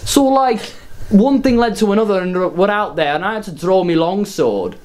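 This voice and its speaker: A man's voice: high voice, animated, moderate pace, a little mellow. A man doing a sweary Liverpool dad. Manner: swearing, rambling, chatty. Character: crude working-class northern English dad, lord. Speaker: comedian in character. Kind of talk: comic monologue in character.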